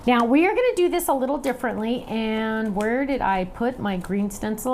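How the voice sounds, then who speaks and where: A woman's voice: on the high side, animated, a little fast, few pauses, darkish tone, a little hiss or hum. A woman teaching a live online craft class, chatty and upbeat, talking viewers through each step while she works. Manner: laughs at herself, playful sound effects.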